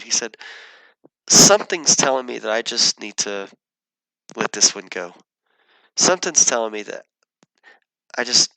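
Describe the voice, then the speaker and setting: A man's voice: mid-range voice, creaky, sharp tone, dry recording, low-quality recording. A man, a pastor, earnestly telling a personal story in his sermon, often restarting his sentences.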